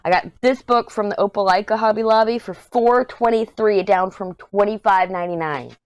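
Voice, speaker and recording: A woman's voice: mid-range voice, moderate pace, dry recording. A woman from Texas, chatting casually in a rambling, storytelling way while she works on a craft for her vlog. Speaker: craft vlogger. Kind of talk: casual chat while diamond painting.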